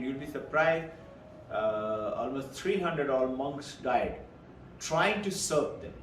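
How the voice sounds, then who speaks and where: A man's voice: medium pitch, a bit bright. Earnest male teacher in a roomy echo. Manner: earnest storytelling teacher, repeats phrases for emphasis. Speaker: spiritual teacher. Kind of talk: Vedanta lecture. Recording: roomy echo, distant mic, faint hiss.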